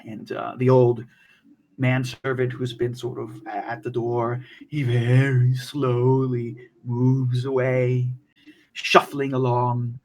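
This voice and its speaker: A man narrating as game master of a tabletop game, in a halting way with many fillers and restarts. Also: mid-range voice, level tone, darkish tone, a little hiss or hum, low-quality recording.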